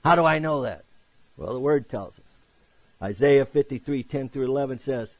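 A man delivers a sermon with a slightly husky, breathy edge to his voice. His delivery surges into loud, emphatic peaks and then sinks into quiet, low passages. The recording is dry and close, with no room sound. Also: moderate pace, no echo, rough recording. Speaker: preacher.

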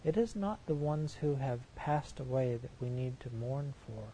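Guy preaching a sermon, earnest and emphatic, reads verses then explains em, real dark mellow tone. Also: medium pitch, lively intonation, measured pace, slight background noise, rough recording. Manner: reads verses aloud then comments, with rhetorical questions. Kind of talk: sermon, reading and commenting on scripture.

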